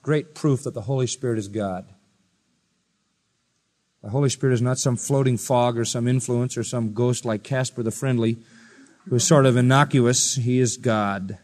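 A preacher delivering a sermon, firing rhetorical questions at listeners, swinging from loud high exclamations to quiet low asides. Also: male voice, steady tone, moderate pace, big-room sound. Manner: emphatic, rising to loud high-pitched exclamations then dropping quiet.

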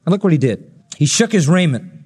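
A man's voice: a little high, very animated, fairly quick, darkish tone, slightly rough, in a large hall. A male pastor preaching an expository sermon, telling the story dramatically and acting out the quotes he reads.

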